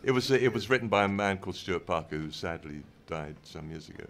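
Older man, English accent, very low voice, unhurried anecdotes, dry humour, faint background hiss. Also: animated. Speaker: former television director, guest. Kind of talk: anecdotal interview talk. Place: event stage in front of an audience.

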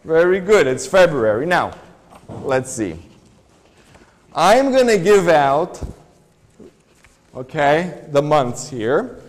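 A man's voice: fairly high pitch, very animated, slow, pauses often, long reverb tail. A man teaching an English lesson in a school classroom, patiently asking the class one question after another. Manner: patient, asks many questions.

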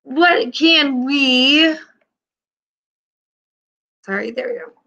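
A woman's voice: sits high, very slow, gravelly, bright, forceful tone. A woman teacher leading an online class, upbeat and encouraging with her students.

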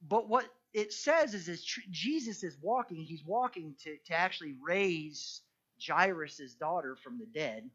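A man preaching a sermon as pastor, telling the story in a lively, conversational and jokey way, often restarting his sentences. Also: a little high, unhurried, slightly rough, dull audio. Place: church.

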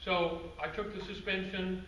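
Man, guest speaker, conversational storytelling, asides to audience, bright forceful voice, distant mic, faint room noise. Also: high voice, steady tone, moderate pace, reverberant. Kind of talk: conversational presentation to a club audience.

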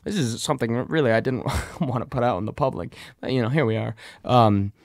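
A man's voice: medium pitch, brisk, creaky, no room sound, clean studio sound. A young man and podcast co-host telling a story in casual chat, rambling with many fillers. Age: young adult. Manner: rambling, lots of "like" fillers, acts out quotes.

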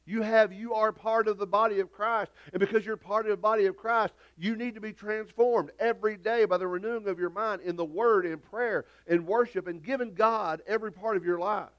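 A man's voice: high voice, steady tone, a little fast, hardly any pauses, a bit bright, muffled recording. A middle-aged man, preaching a sermon as pastor in a folksy, rambling storytelling way with many restarts. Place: church sanctuary.

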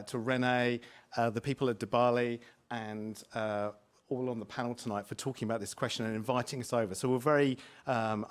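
A man from England, a politics lecturer, giving a hesitant, self-deprecating talk on a panel, full of ums and uhs. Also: mid-range voice. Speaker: author and lecturer. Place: public debate hall.

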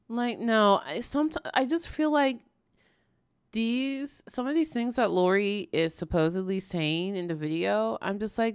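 A woman's voice: mid-range voice, expressive, a little slow, clear, resonant tone, no room sound, studio quality. A woman hosting a casual reaction video, chatty and exasperated, with many fillers and restarts.

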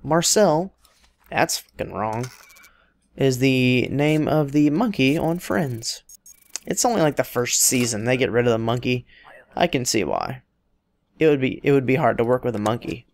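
A man's voice: medium pitch, animated, moderate pace. A man casually commenting on his own gameplay, rambling and joking as he talks to the characters on screen. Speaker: let's play host.

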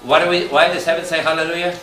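A man, a Catholic priest, teaching a lively Bible study, firing questions at his listeners and breaking into loud exclamations. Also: on the high side, rapid-fire, faint music behind. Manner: animated, quizzes the audience with constant questions, bursts into loud exclamations. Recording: echoey room, distant mic, audible background noise.

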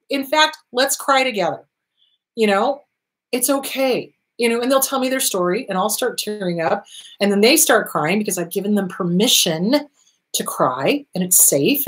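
A woman therapist hosting a talk show, answering viewer questions in an earnest, reassuring way and repeating her key points. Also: mid-range voice.

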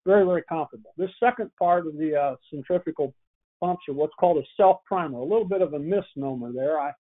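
A man's voice: a little high, fast. A man giving a product training lecture on pumps, speaking in a folksy, plain-spoken way with frequent restarts and stories. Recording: tinny phone-like sound.

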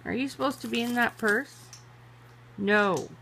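A woman's voice: a little high, unhurried, creaky, fairly bright tone, slight background noise. A woman at home talking to her pets in playful, teasing baby talk. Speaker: pet owner.

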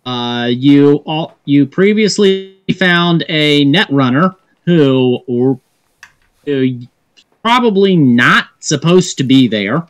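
Slow halting guy running a tabletop game, lots of ums. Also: fairly high pitch, lively intonation. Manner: halting, with many fillers. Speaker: game master.

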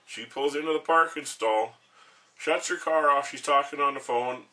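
A man's voice: a little high, normal speed, bright, forceful tone, recorded from a distance. A middle-aged man, ranting to camera at home in a crude, rambling way and swearing constantly. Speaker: vlogger. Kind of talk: profane rant to camera.

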